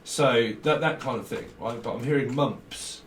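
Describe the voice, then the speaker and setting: A man's voice: mid-range voice, moderate pace, recorded from a distance. Man, tarot reader, rambling and free-associating, roomy echo, faint hiss. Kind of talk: casual tarot reading monologue. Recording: roomy sound, off-mic, faint background hiss.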